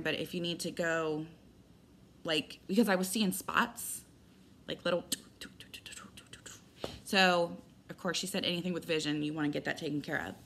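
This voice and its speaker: Candid rambling woman vlogger. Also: fairly low pitch. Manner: rambling, candid, animated retelling with quoted dialogue. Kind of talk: casual personal update.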